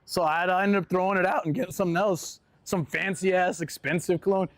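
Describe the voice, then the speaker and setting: A man with a high voice and fairly even intonation talks briskly on a live stream while out and about, laid-back and telling rambling stories with frequent laughter. There's no room sound.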